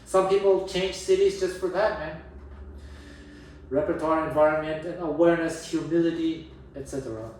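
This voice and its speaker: A man's voice: a little high, moderate pace, a little mellow, a little hiss or hum. A man, a jazz guitar teacher and host, talking casually and emphatically about playing for an audience, often restarting sentences. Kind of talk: casual talk on music teaching. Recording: roomy echo, distant mic, faint ambience.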